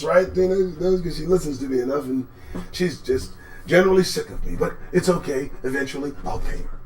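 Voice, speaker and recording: On his live commentary show, the male host is sarcastic and foul-mouthed, dropping into low mutters before suddenly shouting.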